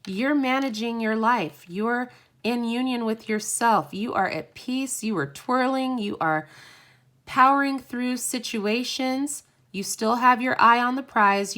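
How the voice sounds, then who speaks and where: A woman's voice: medium pitch, fairly bright tone. A woman hosting a live oracle card reading, effusive and encouraging, often exclaiming.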